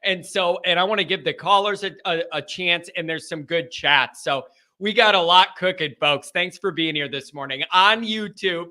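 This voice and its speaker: Male stream host, high and bright, folksy energetic chat, faint music behind. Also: normal speed. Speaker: live-stream show host. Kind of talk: casual live-stream chat.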